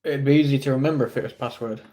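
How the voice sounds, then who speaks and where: A man's voice: mid-range voice, racing, warm tone. A man with an English accent streaming live, chatting casually with viewers in a rambling, self-deprecating way.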